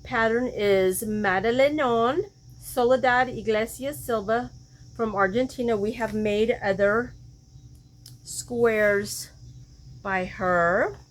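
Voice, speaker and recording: A woman with a slightly high voice talks slowly while hosting a crochet vlog. She chats casually in a show-and-tell style, thinking aloud and often second-guessing herself mid-sentence.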